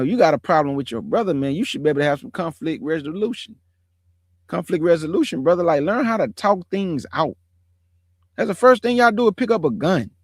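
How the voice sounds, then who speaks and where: A man's voice: on the high side, no room sound, studio quality. Preachy man in his forties. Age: 40s. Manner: preachy, emphatic, repeats phrases, slangy street talk. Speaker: streamer. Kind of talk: casual testimony to an online audience.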